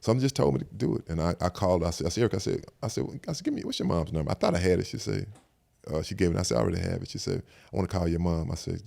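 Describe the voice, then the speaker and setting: A deep, gravelly older man with a Southern American accent talks quickly through a personal story. He speaks in a relaxed, reflective way, and keeps stacking "I said" as he replays old conversations. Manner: reflective, repeats "I said" while retelling conversations. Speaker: podcast guest. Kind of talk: casual storytelling chat.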